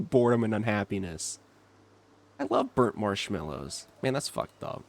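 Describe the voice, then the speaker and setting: A man's voice: lowish voice, wildly swooping pitch, normal speed, gravelly. A young man chatting casually with his livestream chat while gaming, laughing often and reacting to comments. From not from Kentucky. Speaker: streamer.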